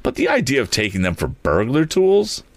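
A man voicing an earnest young male inventor in a read-aloud story, speaking higher than his own voice. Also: wildly swooping pitch, normal speed, no echo.

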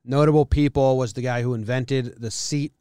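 A man talks into a close studio mic on his podcast, rambling and relaxed and laughing often. His voice is smooth and clear, and the sound is dry with no room around it. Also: mid-range voice, normal speed, no echo. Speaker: podcast host. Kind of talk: casual chat.

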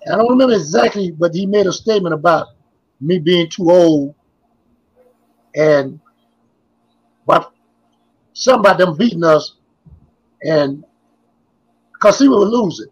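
Older man with a husky voice. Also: sits high, expressive, unhurried, pauses often, dull audio. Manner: rambling, repetitive storytelling. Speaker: guest, former basketball player. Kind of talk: casual interview reminiscing.

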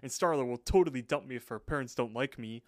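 A man's voice: mid-range voice, fast, a little mellow, no echo, clean studio sound, lightly acted. A man doing a nervous, fumbling buddy. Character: anxious, boastful grown man.

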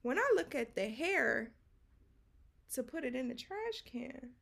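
Gravelly woman telling a story. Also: high-pitched, a little slow. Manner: animated storytelling with quoted dialogue and asides; casual slang fillers. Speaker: podcast co-host. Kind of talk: casual chat.

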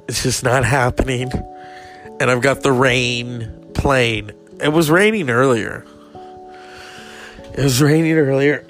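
A man's voice: mid-range voice, fairly bright tone. A man hosting his own show, ranting crudely and rambling in casual comedy style.

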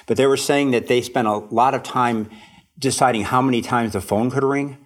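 A man's voice: mid-range voice, steady tone, normal speed. A man, an author, chatting as a podcast guest in a reflective, self-deprecating way, laughing often. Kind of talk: casual interview chat.

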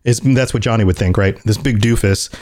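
A man's voice: lowish voice, brisk, a little mellow. A man co-hosting a casual podcast, talking in a rambling way with many restarts, laughing as he acts out scenes. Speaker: podcast co-host. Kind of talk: casual chat.

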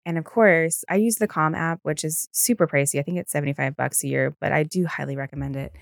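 A woman's voice: sits low, fast, vocal fry, no room sound, clean studio sound. A tired young woman hosting a podcast on her own. She rambles in a casual chat, packs her talk with fillers and swears freely. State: tired, yawning. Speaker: podcast host.

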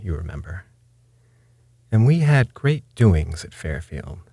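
A man reading a story aloud as its narrator, in a measured, unhurried way. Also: low voice, darkish tone, slightly rough, no room sound.

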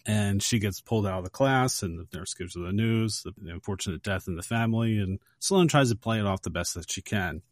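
A man co-hosting a casual movie podcast, retelling a film scene step by step in a lively, storytelling way. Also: fairly low pitch, brisk, hardly any pauses, no echo, clean studio sound. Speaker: podcast co-host.

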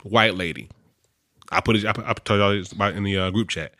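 A man chatting casually on a podcast, his voice bright and forceful. He tells long stories and acts out what people said, recorded dry and close. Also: lowish voice, a little fast, dry recording. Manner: storytelling, acts out quotes. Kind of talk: casual chat.

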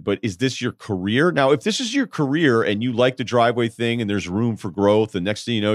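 A man's voice: on the low side, no echo, studio quality. A young man hosting a podcast, giving rambling, blunt advice in casual chat and swearing freely. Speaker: podcast host.

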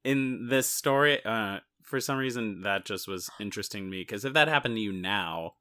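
A man's voice: fairly low pitch, moderate pace, bright, forceful tone. A man co-hosting a casual talk show, answering in short, wry replies. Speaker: podcast co-host. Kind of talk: casual chat.

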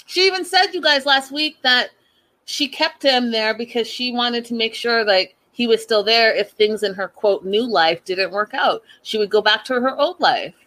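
A woman's voice: fairly high pitch, moderate pace, low-quality recording. Sassy woman recapping reality TV. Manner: sassy, animated, emphatic repetitions. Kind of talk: casual opinionated commentary.

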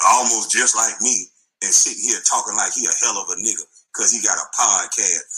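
A man's voice: on the low side, pushed and bright, poor audio. A man in an angry, profane rant, taunting and repeating insults. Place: front seat of his car.

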